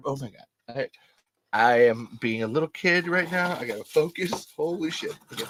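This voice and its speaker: An excited vlogger, gasping and rambling while unboxing collectibles. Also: mid-range voice, normal speed, background noise. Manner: giddy, gasping, swearing, rambling.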